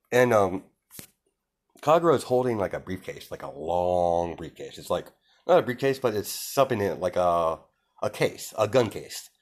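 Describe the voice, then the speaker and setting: A young man casually retelling a fan-fiction story, rambling with lots of fillers and restarts. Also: lowish voice. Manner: quotes characters without doing voices.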